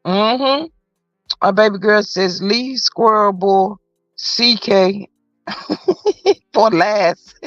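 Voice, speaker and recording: A woman's voice: medium pitch, takes it slowly, a bit bright, no room sound. A woman hosting a casual live chat, reading out viewer comments in a gossipy way and dropping in frequent mm-hmm's. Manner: chatty and gossipy, frequent mm-hmm interjections. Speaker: livestream host. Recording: muffled lo-fi audio with faint music.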